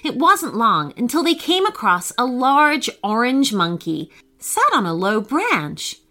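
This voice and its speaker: A woman reading a children's story aloud, expressive, giving voices to each character. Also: fairly high pitch, a little slow.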